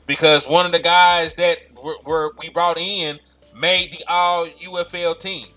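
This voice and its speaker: Bright-voiced man teasing his co-host. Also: fairly high pitch, measured pace, faint music behind. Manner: teasing, animated, laughs a lot. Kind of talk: casual chat.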